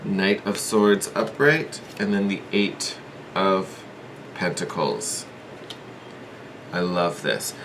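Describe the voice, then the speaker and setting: Low-voiced man giving a tarot reading. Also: slow pace, pauses often, fairly bright tone, slight background noise. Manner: thinks aloud with hedges and repeats, earnest and encouraging. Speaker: tarot reader.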